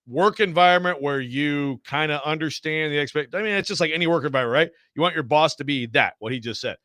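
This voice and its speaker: A sports radio host, a man, talking in a bright, slightly raised voice that cuts through the dry studio air. He is chatty, steers the show and jumps in on his co-hosts. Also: fairly high pitch, dry recording. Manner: chatty, interrupts, runs the show. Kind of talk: casual sports talk radio.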